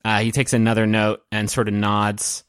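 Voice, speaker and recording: A man running a tabletop game, narrating scenes in a halting way that is full of fillers. His voice sits at an ordinary pitch. The sound is close and dry. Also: monotone, fairly bright tone, smooth, no room sound. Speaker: game master.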